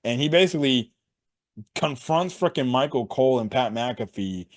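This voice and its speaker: A man's voice: medium pitch, normal speed. Brief: young male sports reviewer, casual and slangy, swears a lot, gets worked up, mid-range voice. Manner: excitable, heavy swearing, slangy. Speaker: wrestling show reviewer.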